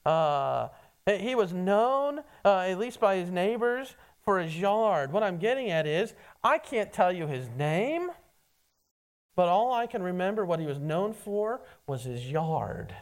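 Speaking from the pulpit in a middle pitch, a very animated preacher delivers a casual sermon at a measured pace. He calls listeners "friend" and keeps stumbling into stammered restarts and doubled words as he thinks aloud.

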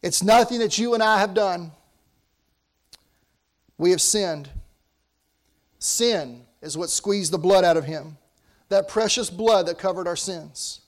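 A man preaching a sermon, earnest, rising to emphatic lines and sinking to hushed ones. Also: high-pitched, slow pace, long pauses.

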